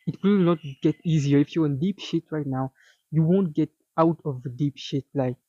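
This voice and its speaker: Young man, fitness vlogger, motivational rant, profane, rambling fillers, mellow tone, dry dull recording. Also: a little high, normal speed, no echo. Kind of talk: motivational monologue.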